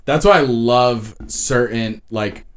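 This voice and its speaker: A young man chatting on a podcast with strong opinions and no filter. He talks bluntly and casually and lets a swear word slip now and then, in a voice of middle pitch for a man. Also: slow pace. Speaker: podcast co-host. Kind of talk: casual chat.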